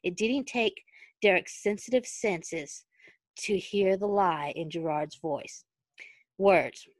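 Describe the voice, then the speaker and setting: A woman's voice: medium pitch, takes it slowly. A woman with a Southern US accent reads a fan story aloud in a casual, giggly way, often tripping over a word and rereading it. She is close to the mic, and the sound is dry with no room echo. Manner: giggly, stumbles and rereads words. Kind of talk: reading fan fiction aloud with chatty asides.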